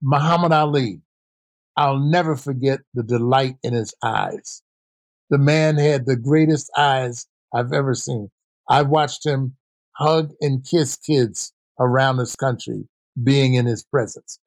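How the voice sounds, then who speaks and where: This older man, formerly a basketball player and coach, answers an interview question with stories, animatedly performing the voices of their characters. He speaks slowly at a medium pitch, and the recording is dry.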